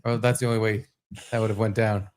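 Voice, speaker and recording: Profane, animated male podcast co-host. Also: lowish voice, quick pace. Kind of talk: casual comedic chat.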